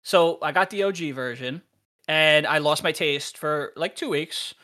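Young male podcast co-host, bright raised voice, animated profane storyteller. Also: on the high side, unhurried. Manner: animated, swearing, laughs while telling stories.

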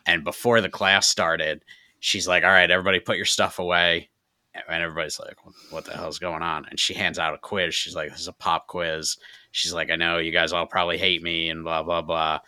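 A man co-hosts a podcast in loose casual chat, telling stories with a dry sense of humor. His voice sits very low yet sounds sharply bright and crisp. He talks easily with friends. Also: little pitch movement, a little fast, no echo. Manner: dry joking storyteller. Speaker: podcast co-host.

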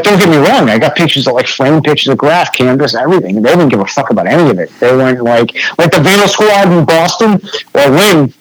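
A young graffiti artist with a New England accent tells a story as a podcast guest, laid-back and heavy on fillers and swearing, in a casual storytelling chat. His voice is on the high side, and the audio is poor.

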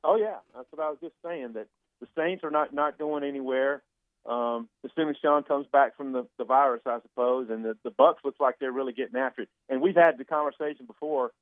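A man who writes about sports, calling in to chat in a relaxed way and often repeating words mid-sentence. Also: mid-range voice, brisk, dry recording. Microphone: phone line. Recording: tinny phone line.

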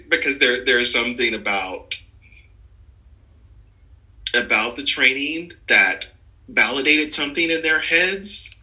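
A man, an actor, talking about his career as a guest in a relaxed podcast conversation, laughing often as he tells stories. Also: mid-range voice, slow pace, pauses often, low-quality recording. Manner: laughs often, animated storytelling. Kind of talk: casual conversation.

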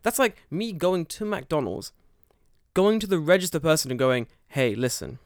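A man's voice: high voice, moderate pace, no echo, clean studio sound. A young man in casual podcast chat, telling a story with swearing and acting out quoted dialogue. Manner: animated, profane, acts out quoted dialogue. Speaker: podcast co-host.

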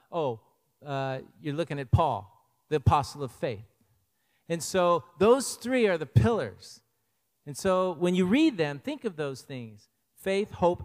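A man's voice: on the high side, a little mellow, in a large hall. An older man preaching a sermon as pastor, in a conversational way, with personal stories.

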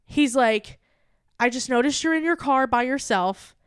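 A woman's voice: high-pitched, a little slow, smooth, dry recording, clean studio sound. A young adult woman on a comedy podcast, telling a story in casual chat, acting out the quotes and swearing freely. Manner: animated, acts out quoted dialogue, swears casually. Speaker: podcast co-host.

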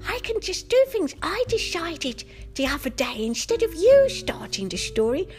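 Woman voicing a little boy unicorn, storybook narrator, high voice, very lively melody. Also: normal speed. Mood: cheerful. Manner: playful, sing-song storytelling to children. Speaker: host.

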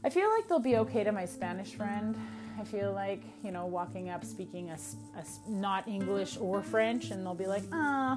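A young Canadian woman hosting a solo audio diary podcast, chatty and blunt, often mocking herself. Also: on the low side. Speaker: podcast host. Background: music.

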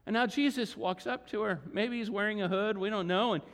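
High-voiced man preaching in a reverberant hall. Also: fairly bright tone. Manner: dramatic retelling with acted quotes, slowing for emphasis. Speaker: pastor. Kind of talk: sermon. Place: church sanctuary.

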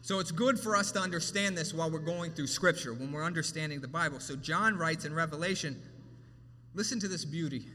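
A man delivers a sermon from a church platform, his voice high and bright. He swings between emphatic, rising lines and quiet, hushed ones. A long hall reverb trails behind every phrase. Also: fairly quick. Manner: emphatic preaching with sweeping rises and hushed drops. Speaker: pastor.

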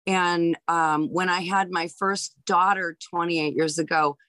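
A woman's voice: on the low side, unhurried, no echo, poor audio. A woman in her fifties from Hawaii, a stand-up comedian, telling family stories in a casual interview with lots of restarts. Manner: animated storyteller, lots of restarts.

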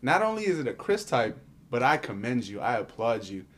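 A man's voice: medium pitch, sing-song, fairly quick, a bit bright, slight background noise. Playful, teasing man on a podcast. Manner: playful, teasing, filler-heavy. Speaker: podcast co-host. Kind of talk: casual chat.

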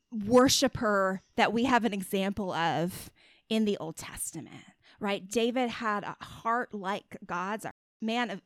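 A woman's voice: medium pitch, dry recording. A middle-aged woman, a guest author and body image coach, talking in a casual podcast interview in a chatty, earnest way, full of fillers and tag questions.

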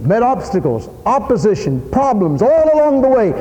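A man preaching a sermon in a church, emphatic, repeating his points and rising to loud peaks. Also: very high-pitched, big pitch swings, moderate pace, hardly any pauses, slight background noise. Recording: long reverb of a hall.

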